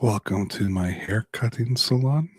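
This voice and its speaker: A man voicing an overly gentle, chatty male barber in a soft, slow, mocking whispered role-play. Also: fairly low pitch, husky, no room sound, studio quality, voice pushed down. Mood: mock-soothing. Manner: soft, slow, mock-soothing.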